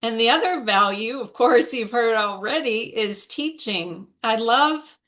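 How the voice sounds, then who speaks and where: A woman coach delivers a motivational talk about public speaking over a video call. She speaks slowly and deliberately in a fairly high voice, leaning on each point for emphasis. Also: expressive, fairly bright tone. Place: online video meeting.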